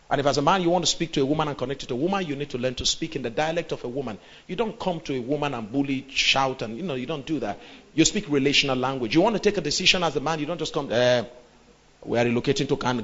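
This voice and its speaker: A middle-aged man with a Nigerian accent, a pastor preaching about marriage in a lively way, acting out quotes and asking the audience questions. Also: mid-range voice. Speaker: pastor and relationship coach. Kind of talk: sermon on marriage. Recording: dull lo-fi sound.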